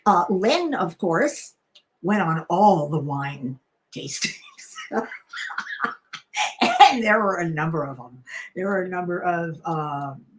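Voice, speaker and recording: A woman's voice: on the low side, sing-song, takes it slowly, pauses often, a little hiss or hum. A middle-aged woman hosting a casual live stream, chatting in a rambling way with many fillers and restarts. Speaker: crafting channel host.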